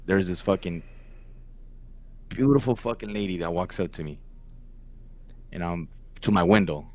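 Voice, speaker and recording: A man's voice: low-pitched, normal speed. A young man co-hosting a podcast, telling a story in casual chat, slangy and profane. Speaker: podcast co-host.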